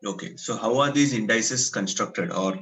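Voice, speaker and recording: A man's voice: fairly low pitch, normal speed, a bit bright, poor audio. A man with an Indian English accent giving a classroom lecture, questioning students and explaining step by step while slipping into Hindi.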